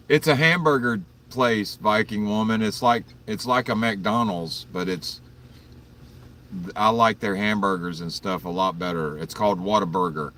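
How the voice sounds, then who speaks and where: Deep-voiced man rambling on a livestream. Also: unhurried, sharp tone, recorded from a distance, slight background noise. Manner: rambling, profane storytelling with frequent chuckles; greets viewers in chat by name. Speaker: livestream host. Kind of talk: casual early-morning livestream chat.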